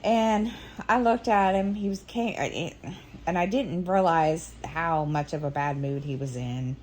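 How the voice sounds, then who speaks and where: Slow, low-voiced middle-aged woman rambling. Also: darkish tone, a little hiss or hum. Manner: rambling and hesitant, many restarts. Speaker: stitching vlogger. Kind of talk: casual chat.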